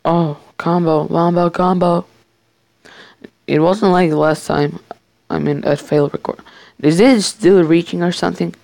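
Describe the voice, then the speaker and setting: A man giving casual commentary over a survival game match from his bedroom, excitable, swearing and jokingly boasting. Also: on the high side, a little slow, gravelly, dry recording. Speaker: gamer playing a survival match.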